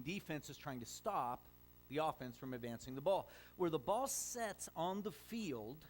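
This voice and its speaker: A middle-aged man preaching a sermon as a pastor, telling stories conversationally with frequent fillers and restarts. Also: fairly high pitch.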